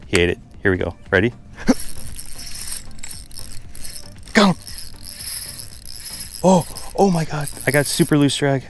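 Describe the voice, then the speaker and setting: Excitable young man fishing from a boat. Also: medium pitch. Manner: excitable, exclaims loudly when fish bite. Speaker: fishing vlogger. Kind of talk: casual outdoor fishing narration. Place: small boat on the water outdoors.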